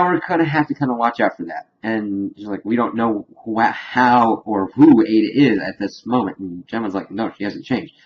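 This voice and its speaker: A man's voice: fairly low pitch, moderate pace, muffled recording. A man giving a casual, rambling spoiler recap of a TV episode, full of fillers and swearing. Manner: rambling, filler-heavy, profane. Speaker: TV episode reviewer.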